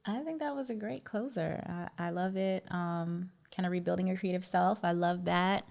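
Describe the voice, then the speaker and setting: Lady cohost on a podcast, low-ish creaky voice, laid back and thoughtful. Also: normal speed, a little mellow. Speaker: podcast co-host. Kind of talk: casual podcast chat.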